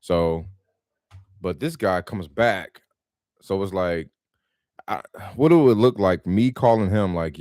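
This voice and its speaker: A man with a low-sitting voice talks slowly and pauses often while hosting a casual live stream about real estate wholesaling. He shares stories in an animated, slangy way, laughing frequently, in a dry, studio-quality recording.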